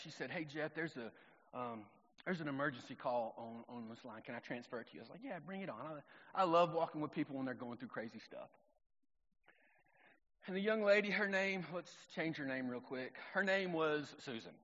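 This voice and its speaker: A middle-aged man, preaching a sermon in a relaxed, conversational storytelling way. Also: a little high. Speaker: pastor. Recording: long reverb, dull lo-fi sound.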